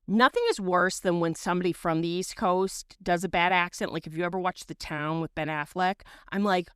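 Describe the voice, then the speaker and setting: Lower-voiced woman telling rambling stories. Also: brisk, clear, resonant tone, dry recording, studio quality. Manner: animated storyteller, rambling asides. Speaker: podcast co-host, movie recommender. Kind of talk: casual podcast chat.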